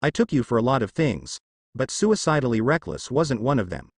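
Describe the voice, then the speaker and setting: A smug male demon, as a man reads him, mocking at every turn. Lively pitch, dry close sound. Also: a little fast, breathy edge, no echo.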